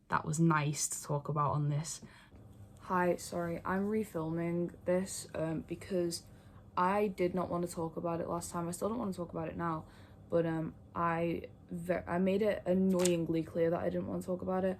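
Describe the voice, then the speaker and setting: A young woman making fandom content chats to camera in a casual, meandering way, full of fillers and swearing. Her voice is lowish and darkish, and a little hiss or hum can be heard.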